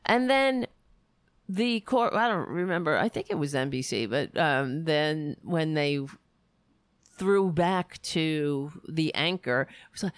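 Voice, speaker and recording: Woman livestream host, slow-paced, lively pitch, blunt and profane, dry close mic. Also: no echo. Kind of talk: casual political commentary.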